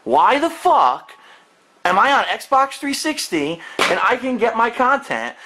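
A man with a high, bright voice rants to camera from his seat at home, swearing in nearly every sentence. His pitch leaps around with heated exasperation. The tone is that of a profane gaming-video tirade. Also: big pitch swings, unhurried, poor audio. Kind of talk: angry profane rant to camera. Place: seated indoors at home.

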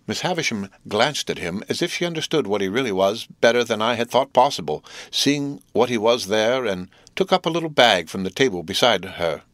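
A man reading a classic novel aloud as an audiobook narrator, steady and measured. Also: lowish voice, no room sound. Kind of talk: scripted narration.

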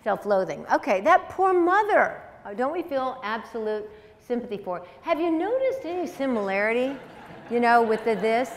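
Lively woman lecturing in a hall. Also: fairly high pitch, moderate pace, a little hiss or hum. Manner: lively, conversational, audience-engaging. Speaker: speaker, psychologist. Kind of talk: public lecture. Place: high school auditorium. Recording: long hall reverb.

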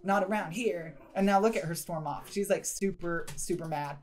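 A woman's voice: fairly low pitch, moderate pace, a little mellow. A young woman casually telling a story over her game play, rambling with lots of "like". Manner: rambling, heavy use of "like". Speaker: gaming video host.

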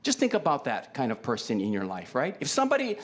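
Man preaching with lively pitch. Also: fast. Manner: conversational, asks the congregation many questions. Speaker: pastor. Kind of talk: sermon. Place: church.

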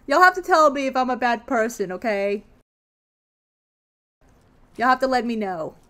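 A woman giving let's play commentary on a game she is playing, excitable, with loud exclamations, gasps and casual swearing. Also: a little high, moderate pace, background noise. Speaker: gaming video creator. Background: faint game music.

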